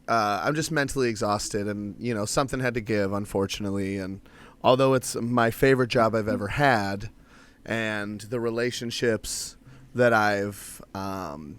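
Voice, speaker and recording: A man's voice: lowish voice, clean tone. A young adult man hosting a podcast, telling a story in loose, profane chat and laughing between lines. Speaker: podcast host. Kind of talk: casual chat.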